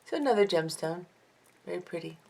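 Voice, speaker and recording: Low-voiced woman chatting through an unboxing. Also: expressive, a little fast, vocal fry, a little mellow. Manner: chatty, reads item lists aloud, admiring. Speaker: jewelry-making vlogger. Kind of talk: casual unboxing commentary. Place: home craft table under lamps.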